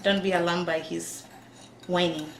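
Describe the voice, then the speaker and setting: A woman from Africa, a mother of twins, chats casually while showing how she feeds her baby at home. Her voice sits on the low side and is gravelly, with a flat, unhurried delivery; she keeps saying "you see" and laughs often. The recording sounds roomy, with faint noise.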